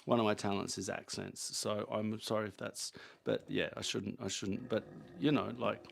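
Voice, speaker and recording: Man, gravelly voice, rambling, chatty, livestream host. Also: little pitch movement, moderate pace. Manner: rambling, chatty, talks to his dogs in a high baby voice. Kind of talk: casual livestream chat.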